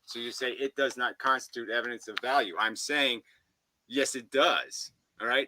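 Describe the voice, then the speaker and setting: Combative male commentator, foul-mouthed and abrasive, piercing bright voice, dry booth-like sound. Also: mid-range voice, moderate pace, dry recording, poor audio. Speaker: commentator reacting to a debate. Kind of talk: ranting philosophical commentary.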